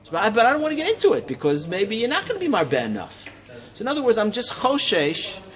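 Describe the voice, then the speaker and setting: A man teaching a Talmud class in a study hall, lecturing in a lively way and checking in with his students. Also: high voice, quick pace. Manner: animated, lively teaching with frequent check-ins and rising emphasis.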